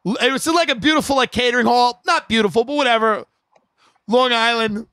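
Guy rambling thru funny stories, kinda high voice, dry no room sound. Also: fairly quick, clean tone, no room sound. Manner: rambling, animated anecdote telling. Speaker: podcast host, comedian. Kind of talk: comedic storytelling monologue.

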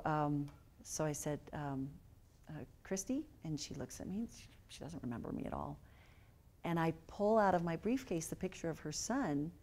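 A middle-aged woman speaker telling a personal story to a lecture audience, earnest, with many fillers, dropping to a hush at moving parts. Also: on the low side. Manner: earnest, hushed when moved, many fillers. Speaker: guest speaker. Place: lecture hall.

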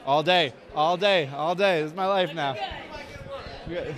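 Upbeat high-voiced man touring a convention. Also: normal speed, crowd noise. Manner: upbeat, joking, banter with fans. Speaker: host. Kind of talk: casual convention tour chat. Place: busy indoor convention floor. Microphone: mic on a camera carried by a crew member.

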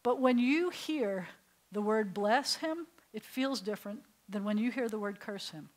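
A woman's voice: medium pitch, measured pace, low-quality recording. Rabbi teaching a class, storytelling woman. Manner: storytelling, asks the class questions. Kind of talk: classroom lecture to adult learners. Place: synagogue classroom.

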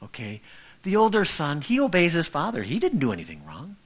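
A man's voice: fairly high pitch, wildly swooping pitch, a little fast. A male pastor preaching a conversational sermon who keeps checking in with the congregation.

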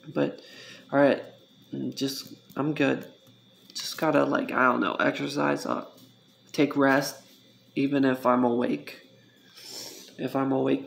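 A man's voice: medium pitch, creaky, a little hiss or hum. A man teaching an informal Spanish lesson, repeating words for practice and often stopping to correct himself. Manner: slow, self-correcting, repeats words for drill. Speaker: Spanish tutor.

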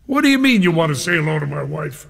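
A man's voice: fairly high pitch, sing-song, quick pace, vocal fry, fairly bright tone, in a large hall. An older man hosting a live radio music show, calling listeners "cousin" with playful, chummy banter and taking phone requests. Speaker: radio disc jockey.

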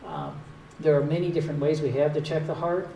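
A cardiologist with a Northern US accent and a slightly high, dark voice speaks fairly quickly, explaining plainly and patiently with dry jokes in a health talk with audience Q&A. The setting is a retirement home's echoey community hall, and the audio is dull, distant, with faint hiss.

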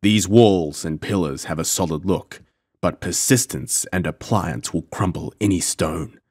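A man doing a deep, menacing pirate captain. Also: measured pace, a little mellow, breathy edge, dry recording, studio quality.

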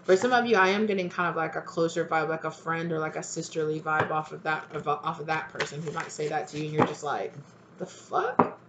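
Chatty tarot reader woman, lowish voice. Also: steady tone, quick pace, hardly any pauses, very noisy. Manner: chatty, acts out quoted friends with lots of "like". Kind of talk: casual tarot reading monologue.

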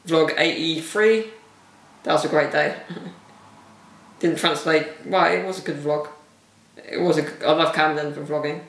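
A man's voice: fairly high pitch, steady tone, a little slow, long pauses, fairly bright tone, distant mic. A man hosting a casual solo podcast, talking candidly and rambling with frequent laughs, his voice wearing thin. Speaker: vlogger and podcast host. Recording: echoey room, mic set back.

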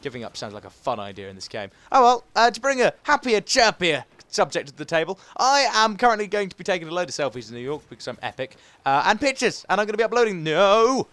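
A man's voice: high voice, sing-song, quick pace, few pauses, bright, forceful tone, no room sound. A man giving live gameplay commentary as a gaming video host, swinging between frustrated outbursts and muttered asides.

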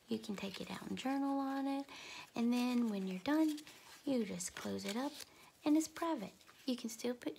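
A woman, talking in a soft half-whisper at home as she shows her craft work. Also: on the high side, expressive, unhurried, creaky, a little hiss or hum. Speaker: craft vlogger. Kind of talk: crafting show-and-tell. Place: home, early morning.

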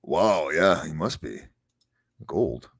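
A man's voice: extremely low pitch, animated, slow pace, gravelly, husky, no room sound, studio quality. A man hosting a casual livestream chat, talking bluntly, with swearing. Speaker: host.

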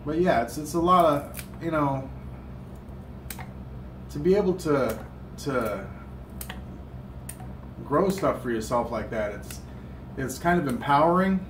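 With a voice on the high side and lively intonation, a Southern-accented man takes it slowly and pauses often as he chats while cooking for his vlog in a hotel room. He rambles, restarting and filling gaps frequently, and a distant mic picks up a roomy sound with faint hum.

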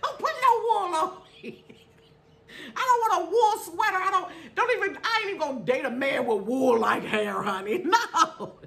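Middle-aged woman vlogger with a high, swooping voice, chatty and laughing to camera. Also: normal speed, gravelly. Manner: animated, laughing, addresses viewers as y'all and honey. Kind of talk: casual storytelling to viewers.

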